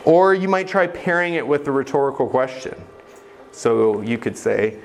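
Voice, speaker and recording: A man's voice: medium pitch, fairly even intonation, moderate pace, slight background noise. A man preaching a sermon in a conversational, self-deprecating way, with frequent hesitations. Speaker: pastor.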